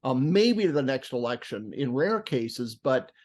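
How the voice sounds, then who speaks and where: A man's voice: mid-range voice, big pitch swings, unhurried, a little mellow. A man hosting a podcast, chatting casually and throwing in mock-dramatic asides. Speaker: podcast host. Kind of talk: casual interview talk.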